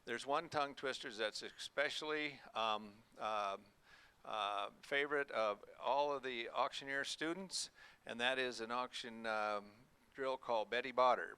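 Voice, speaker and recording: A man who runs an auction school, addressing an audience at a hotel event in a folksy, halting way with many fillers. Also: mid-range voice, pushed and bright, smooth. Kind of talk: speech to an audience.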